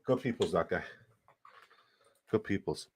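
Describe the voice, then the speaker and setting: Lower-pitched man hyping a live stream. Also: expressive, measured pace, a little mellow, breathy edge. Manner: profane, hyped, reads and answers chat. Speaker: fantasy football streamer. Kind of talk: casual live stream chat.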